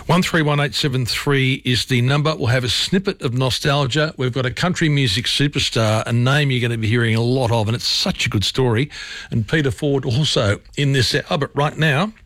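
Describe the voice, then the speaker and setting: A man's voice: mid-range voice, fairly quick, a bit bright, dry recording. A man hosting late-night talk radio, chatting casually with many fillers and restarts. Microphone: studio mic.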